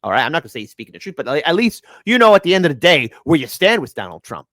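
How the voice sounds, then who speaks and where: A man's voice: on the high side, sing-song, very fast, fairly bright tone, dry recording. Brief: a male podcast host riffing on politics, sarcastic, heard dry and close on the mic. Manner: sarcastic, repeats phrases for emphasis. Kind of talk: casual opinion commentary.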